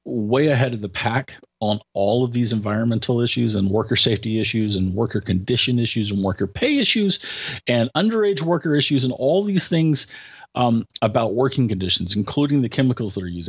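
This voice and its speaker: Fairly quick and animated, this medium-pitched man's voice carries a breathy edge as he offers tech commentary in casual talk. He stumbles through hesitations and restarts, then makes his point with emphasis.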